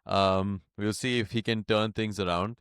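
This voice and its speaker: Smooth-voiced man in casual football chat. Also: lowish voice, steady tone, unhurried, fairly bright tone, no echo, clean studio sound. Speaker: podcast co-host.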